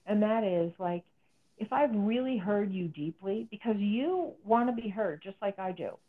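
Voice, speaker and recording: With an animated, medium-pitched voice at a moderate pace, a middle-aged woman psychotherapist gives earnest explanations during an interview conversation. She acts out quoted speech, and the recording has a phone-like narrowness.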